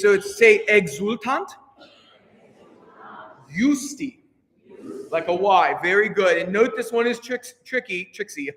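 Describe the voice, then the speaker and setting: A man's voice: high-pitched, fairly bright tone. A male choir director leading a rehearsal, upbeat and encouraging as he counts the singers in. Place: rehearsal hall. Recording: echoey hall with long reverb.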